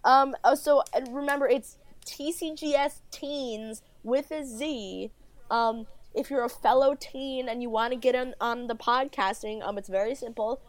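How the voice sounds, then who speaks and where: A woman's voice: a little high, measured pace. A woman from New York co-hosting a podcast, joking and hesitant, with plenty of fillers. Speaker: podcast co-host. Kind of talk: casual chat.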